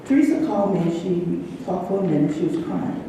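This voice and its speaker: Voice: medium pitch, fairly quick, noisy background. A person in their sixties giving a personal eulogy for a close friend, telling stories in a shaky, emotional voice at a church memorial service. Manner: shaky, emotional, chatty storyteller. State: trembling with emotion. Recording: echoey church hall from far off.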